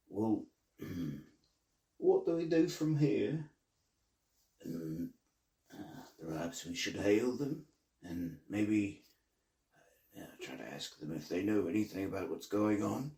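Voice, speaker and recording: A man's voice: fairly low pitch, big pitch swings, slow, creaky, pauses often, dark tone, echoey room. A man speaking hesitantly with many fillers in an amateur comedy sketch.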